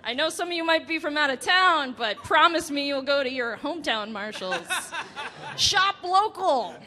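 A woman in her late twenties doing a stand-up set on a club stage, halting and laughing at her own jokes. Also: high voice, sharp tone. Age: late 20s. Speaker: stand-up comedian. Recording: reverberant club room with faint music.

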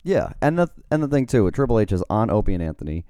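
Deep, mellow podcast man. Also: fast talker, clean tone, dry recording, clean studio sound. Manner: relaxed, wry storytelling with fillers. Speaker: podcast co-host and writer. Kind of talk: casual podcast chat.

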